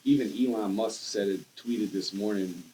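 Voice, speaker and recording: Animated man rambling in casual podcast chat. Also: on the low side, moderate pace, a little hiss or hum, poor audio. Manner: animated, rambling with restarts, says bro and dude. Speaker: podcast co-host.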